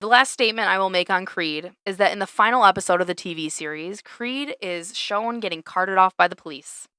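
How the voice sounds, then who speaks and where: Bright-voiced young woman co-hosting a podcast. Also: medium pitch, fairly quick, clear, resonant tone, no echo, studio quality. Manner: laid-back, swears casually, laughs often. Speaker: podcast co-host. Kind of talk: casual chat.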